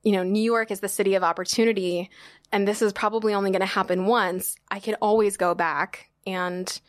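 A woman's voice: mid-range voice, fairly even intonation, fairly quick, dry recording, studio quality. A woman in her thirties, a sommelier guest in an interview, telling her story in a chatty, casual way with lots of fillers. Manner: chatty, lots of "like" and "you know", laughs often.

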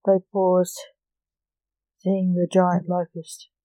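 A woman author reading her own gothic story aloud in a calm, measured way, close to a dry mic. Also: lowish voice, no echo, low-quality recording. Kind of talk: audiobook story narration.

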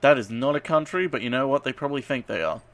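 A man at an ordinary middle pitch hosts a loose podcast chat, breaking in with bits of trivia. He teases his co-host and fusses over small details, his tone dry and sure of itself. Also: expressive, quick pace. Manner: pedantic and teasing, correcting details with trivia.

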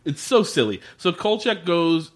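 A profane, laughing man recaps a TV episode with a co-host in loose podcast chat. His voice sits a little higher than most men's and moves a great deal, leaping up whenever he acts out a line. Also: sing-song, unhurried.

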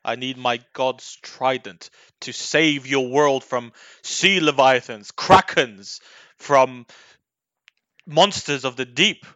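A man's voice: medium pitch, slow pace, fairly bright tone, no room sound. A man voicing a proud royal guard from the sea who speaks formally and insistently. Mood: pompous.

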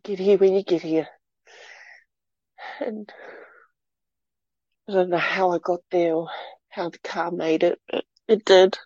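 A middle-aged woman telling a personal story in an interview, halting and repeating words as she goes. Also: on the low side, fairly even intonation, darkish tone, slightly rough, no room sound, dull audio. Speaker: interview guest.

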